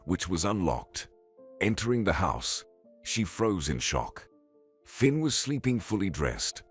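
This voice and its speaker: Deep husky guy reading out a drama story, lots of rise and fall, soft music under it. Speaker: narrator. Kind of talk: scripted story narration.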